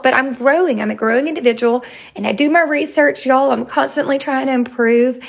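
A woman, hosting a podcast in a chatty, expressive way. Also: sits high, vocal fry. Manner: chatty and expressive, bursts into loud acted quotes. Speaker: podcast host. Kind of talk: casual solo podcast talk.

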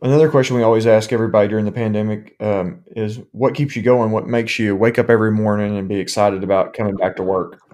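Male physician host, lowish voice, friendly and relaxed. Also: fast, hardly any pauses. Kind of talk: interview hosting.

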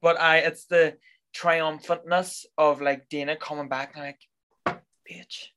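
A man co-hosting a casual film review chat, expressive and sassy with playful swearing. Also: a little high, unhurried, clear, resonant tone. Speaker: podcast co-host.

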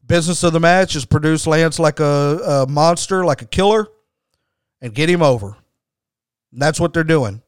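Guy hosting a wrestling podcast, blunt and emphatic, smooth voice, dry close mic. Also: on the high side, moderate pace, dry recording. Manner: emphatic, blunt, swears freely. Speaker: podcast host. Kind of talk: storytelling commentary.

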